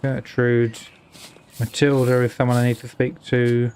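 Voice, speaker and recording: Low-key British man streaming a game. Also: little pitch movement, measured pace, a little mellow, a little hiss or hum. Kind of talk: casual gameplay commentary.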